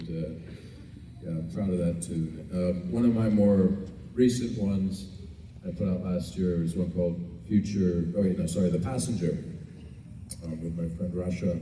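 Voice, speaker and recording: A man's voice: low-pitched, mellow. A man answering fan questions at a convention panel in a casual, joking, laid-back way, rambling a little. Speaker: guest actor at fan panel. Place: large indoor convention hall. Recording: echoey convention hall, distant mic, noise.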